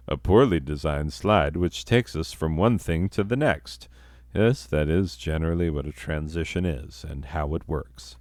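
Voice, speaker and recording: A man's voice: low voice, a little slow, dry recording, studio quality. A man hosting a comedy podcast, rambling and profane, mocking himself. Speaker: podcast host.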